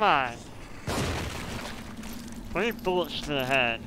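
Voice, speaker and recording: A frustrated man commentating his gameplay, swearing constantly and swinging between muttered complaints and yelling outbursts. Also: a little high, lively intonation, measured pace, noisy background. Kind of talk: raging let's-play commentary.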